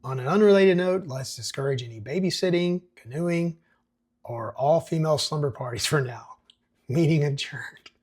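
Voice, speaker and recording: A man's voice: fairly high pitch, moderate pace, darkish tone, natural voice. Man doing a blustering small-town mayor. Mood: pompous. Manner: pompous, flustered bluster.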